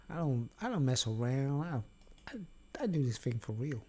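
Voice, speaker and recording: A man's voice: mid-range voice, darkish tone. A man giving an unrehearsed, rambling solo talk at home into a desk microphone, joking around and stopping and restarting his sentences. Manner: rambling, jokey, halting restarts. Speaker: solo vlogger and musician. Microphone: desk microphone with headphones.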